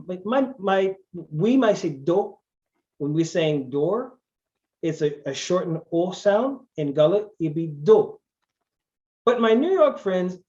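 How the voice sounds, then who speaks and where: An animated male lecturer talks through his points in a relaxed, conversational way, slipping into other people's voices for the quotes he tells. His tone is warm and mellow, and the recording sounds dull and lo-fi. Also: a little high. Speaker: lecturer on language and culture.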